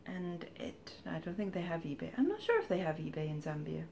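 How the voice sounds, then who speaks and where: A woman's voice: lowish voice, sing-song, a little fast, creaky, darkish tone, slight background noise. A woman, chatting casually and rambling through a charity shop haul with wry asides. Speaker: charity shop reseller vlogger. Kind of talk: casual haul vlog chat.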